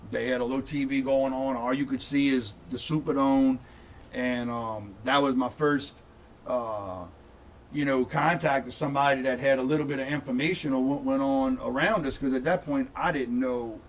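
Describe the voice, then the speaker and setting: A man's voice: mid-range voice, steady tone, normal speed, recorded from a distance, a little hiss or hum. A middle-aged man, telling a long story in a casual, rambling way with lots of repeated words. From St. Bernard Parish, Louisiana. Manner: rambling, repeats words, says "dude" often. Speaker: guest, content creator.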